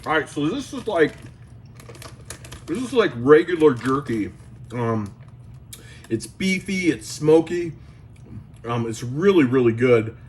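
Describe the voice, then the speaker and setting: A man's voice: a little high, very animated, takes it slowly, long pauses, a little mellow, a little hiss or hum. A man hosting his card collecting channel, chatting enthusiastically as he tastes and reviews jerky at home. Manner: enthusiastic, chatty, exclaiming while eating. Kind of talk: casual product review.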